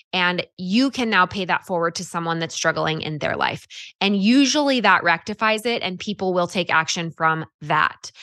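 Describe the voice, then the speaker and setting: A woman coaching direct sellers in a chatty, animated way, acting out example scripts as she goes. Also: medium pitch, dry recording, studio quality. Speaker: sales coach. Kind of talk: coaching talk on social selling.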